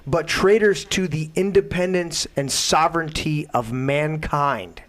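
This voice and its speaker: A man hosting a talk show, delivering a heated, profane political rant that swings into loud outbursts. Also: a little high, unhurried. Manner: profane, emphatic, swings to shouting. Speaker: show host.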